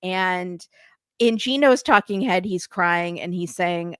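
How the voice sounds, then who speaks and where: A woman's voice: lowish voice, slow, smooth, no echo, clean studio sound. A woman hosting a podcast, recapping a reality show in casual chat and acting out the quotes with a wry tone. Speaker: podcast host.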